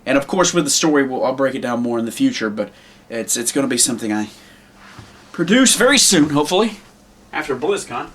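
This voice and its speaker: Man of middle pitch, casual rambling show-and-tell of his own puppets. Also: expressive, fairly quick, a bit bright. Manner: rambling, with many ums and restarts. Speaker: puppet maker.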